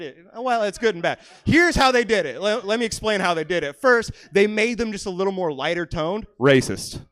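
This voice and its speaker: A young man doing a stand-up set in a small comedy theater, brash and profane, swinging between loud rants and muttered asides. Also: sits high, dry recording. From California. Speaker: stand-up comic.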